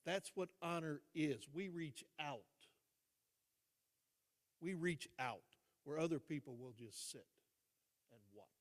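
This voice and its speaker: An older man, a retired teacher and coach, telling stories as a guest speaker, with dramatic pauses and repeated phrases for emphasis. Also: fairly high pitch. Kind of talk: motivational storytelling speech. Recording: long reverb in a large hall.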